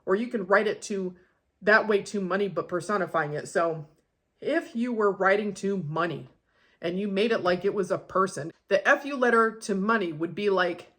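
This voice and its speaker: A woman's voice: mid-range voice, moderate pace, fairly bright tone. A woman coaching in a casual, instructional way, blunt and peppered with swearing. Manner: blunt and profane, emphatic. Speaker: manifestation coach.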